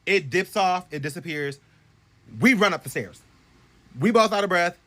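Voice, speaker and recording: A young man casually telling a story to his phone camera at home, animated and profane, swinging from loud bursts to hushed asides. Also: sits high, moderate pace. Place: bedroom at home.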